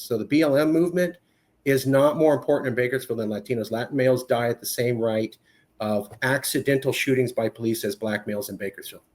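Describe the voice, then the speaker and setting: Impassioned man arguing a point. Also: mid-range voice. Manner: impassioned, emphatic, repeats points for force. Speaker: podcast guest, movement advocate. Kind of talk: heated conversational argument.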